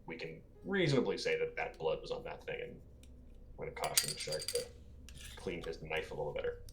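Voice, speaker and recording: A man's voice: extremely low pitch, very animated, brisk, creaky, over loud music. A man playing a tabletop game, casual and thinking aloud. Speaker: player.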